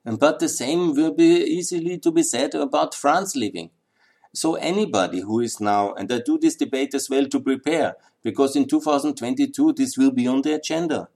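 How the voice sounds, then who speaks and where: A man's voice: medium pitch, darkish tone. Emphatic man. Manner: emphatic, repeats points for weight. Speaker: political commentator. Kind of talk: opinion monologue.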